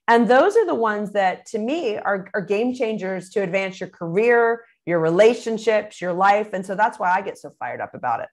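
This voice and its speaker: A woman's voice: mid-range voice, expressive, moderate pace, few pauses. A middle-aged woman, a communication speaker, answering interview questions expressively, acting out quoted phrases and laughing easily.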